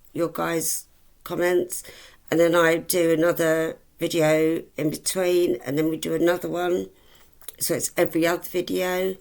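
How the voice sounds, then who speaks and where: Low, gravelly-voiced woman vlogger. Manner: rambling, hesitant, full of ums, affectionate. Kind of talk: casual chat to camera.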